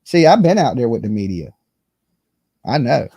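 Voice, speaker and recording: A man's voice: medium pitch, sing-song, moderate pace, dark tone, husky, no echo, studio quality. A man co-hosting a casual commentary show, blunt and exasperated, cursing often. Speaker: co-host.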